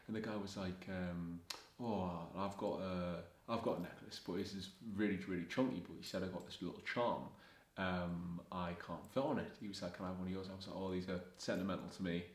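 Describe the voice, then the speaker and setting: A man's voice: sits low, fast talker, slight background noise. A young man, a fashion vlogger telling rambling casual anecdotes and quoting himself and others along the way. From Scotland. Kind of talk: casual storytelling. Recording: echoey room.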